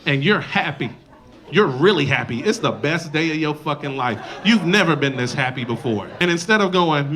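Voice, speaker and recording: A man's voice: a little high, lively intonation, normal speed, fairly bright tone. A man performing a crude stand-up comedy routine and acting out voices in his bits.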